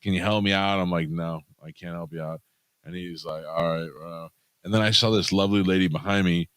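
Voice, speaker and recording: Deep-voiced man telling a profane story. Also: steady tone, a little fast, fairly bright tone, clean tone, no echo. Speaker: podcast co-host. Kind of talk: storytelling in casual chat.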